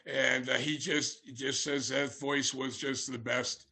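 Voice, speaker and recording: A man's voice: medium pitch, level tone, slow, gravelly, a little hiss or hum. A man hosting a podcast interview, telling casual, rambling anecdotes with plenty of fillers and restarts. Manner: rambling anecdotes with many fillers, shouting out quoted lines. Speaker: podcast host.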